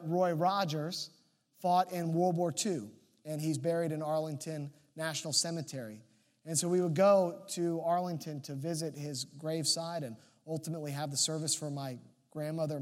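A man with a fairly high voice preaching from the pulpit. He reads scripture aloud and then unpacks it with lively, emphatic delivery. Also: normal speed. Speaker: pastor. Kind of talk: sermon.

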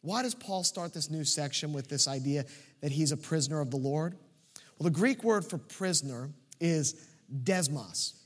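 A man in his thirties preaching a sermon as a pastor, swinging between loud emphatic peaks and quiet asides and repeating key phrases for emphasis. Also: on the high side, moderate pace, long reverb tail.

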